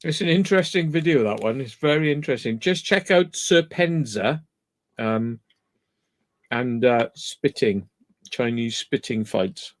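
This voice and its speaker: A man, telling a story in a casual chat as a guest calling in, animated and swearing freely. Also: medium pitch, a little slow. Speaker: guest on call.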